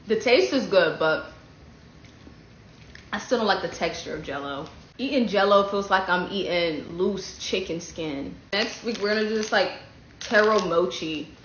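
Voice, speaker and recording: Loud profane woman from the us, bright edgy voice, pitch bouncing all over, dull lo-fi sound. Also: a little hiss or hum. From United States. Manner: brash and profane, jumping from loud outbursts to low muttering. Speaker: comedy creator. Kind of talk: casual comedic vlog talk. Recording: echoey room, dull lo-fi sound.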